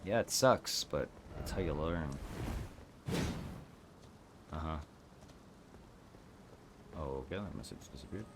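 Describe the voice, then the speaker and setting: A tired man with a very deep voice streams a game with a sore throat. He talks in a flat monotone and apologizes often. A clear hiss of noise sits under the recording. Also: slow pace, long pauses. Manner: self-deprecating, apologetic. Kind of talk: casual live gameplay commentary.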